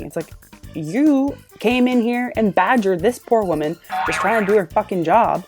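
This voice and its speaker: A woman's voice: medium pitch, lively intonation, a little slow, a little mellow, faint music behind. A woman hosting a reaction video, ranting with plenty of swearing and exasperation. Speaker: host.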